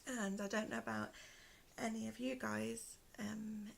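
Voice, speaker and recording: Soft, gravelly woman with a hoarse voice. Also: on the high side, fairly even intonation, measured pace, slight background noise. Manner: soft-spoken, often trailing into a whisper. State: in pain, hoarse from asthma. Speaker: podcast host. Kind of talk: casual chat to camera. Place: one room at home, indoors.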